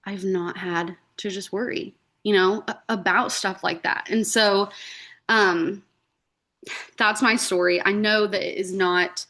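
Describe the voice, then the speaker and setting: A woman speaking over a video call, telling her own story in a loose, chatty way. Her pitch sits in a middle range, and she fills her speech with "like" and "um." She slips into the voices of her past self when she quotes them. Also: a bit bright. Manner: chatty, frequent "like" and "um", acts out quoted dialogue. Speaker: guest speaker. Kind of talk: casual personal story on a team call.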